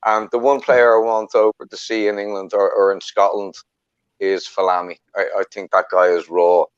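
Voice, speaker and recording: A man's voice: fairly low pitch, level tone, normal speed, clear, resonant tone, dry recording, lo-fi sound. A man from Ireland, chatting about football on a podcast panel, rambling with lots of restarts. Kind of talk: casual football chat.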